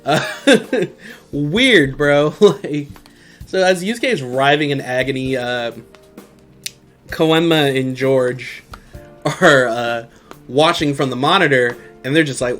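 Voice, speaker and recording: A man's voice: mid-range voice, takes it slowly, fairly bright tone, faint music behind. A young man hosting a podcast, casually recapping an anime episode in a rambling, profane way and laughing often. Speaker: podcast host.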